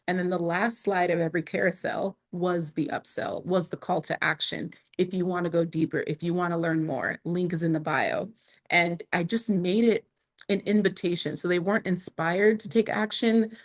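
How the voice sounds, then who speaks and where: Female vlogger, fairly low voice, chatty and self-interrupting, laughs a lot. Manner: chatty, laughs often, many restarts. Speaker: online creator and speaker. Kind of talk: casual talking-to-camera vlog.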